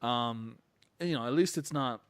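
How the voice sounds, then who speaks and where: A man's voice: medium pitch, normal speed, clean tone, dry recording. A man from California co-hosting a podcast, joking and rambling in casual chat and laughing often. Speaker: podcast co-host.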